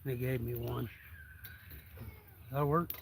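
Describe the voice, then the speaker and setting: A man casually chatting on a live stream outdoors beside a campfire, relaxed and rambling, a little out of breath. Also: medium pitch, slow pace, gravelly, slight background noise. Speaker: outdoor vlogger. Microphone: camera about seven feet away.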